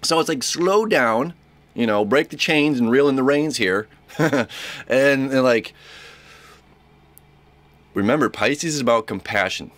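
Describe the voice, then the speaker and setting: A man's voice: medium pitch, expressive, measured pace, long pauses, a bit bright, dry recording. A young man giving a casual, rambling horoscope talk as an astrologer, repeating himself and acting out little dialogues.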